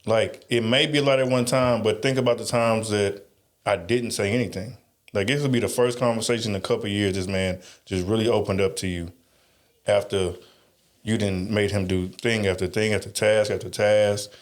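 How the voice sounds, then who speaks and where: A man's voice: fairly low pitch, steady tone, moderate pace. A man co-hosting a podcast, talking in rambling, emphatic runs with frequent restarts and asides. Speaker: podcast co-host. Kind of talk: casual podcast chat.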